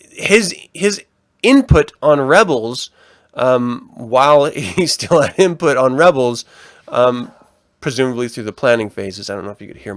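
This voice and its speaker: A man co-hosting a casual fan podcast, animated and profane, often restarting his sentences. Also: medium pitch, dry recording, clean studio sound. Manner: animated, swearing, trailing restarts. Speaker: podcast co-host.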